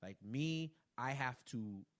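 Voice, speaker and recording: A young man with a New York accent hosts a relaxed podcast conversation. He tells stories in an animated way and laughs often. He acts out the people in his anecdotes as he goes. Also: medium pitch, slow pace. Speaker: podcast host. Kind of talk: casual chat.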